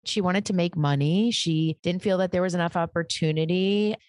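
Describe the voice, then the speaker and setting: A woman, a psychic medium, speaking as a guest in a casual interview, animated and acting out the voices in her stories. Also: fairly low pitch, normal speed, dry recording, clean studio sound.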